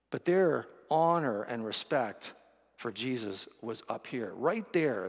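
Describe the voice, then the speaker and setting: A man's voice: medium pitch, in a large hall. A male pastor preaching a sermon with vivid storytelling, acting out the quotes.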